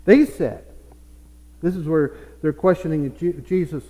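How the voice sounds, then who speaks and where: Pastor guy preaching, kinda high voice, big echoey church hall, earnest and repeats himself a lot. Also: unhurried, dark tone. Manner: earnest, repeats himself, acts out what believers say. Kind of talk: sermon. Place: church sanctuary. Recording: long echo of a church hall.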